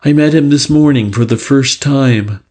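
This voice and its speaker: A man's voice: mid-range voice, moderate pace, a little mellow, voice pushed up, lightly acted. A man reading aloud, voicing a nervous young woman with a Lancashire accent who speaks anxiously and pleadingly. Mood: fearful.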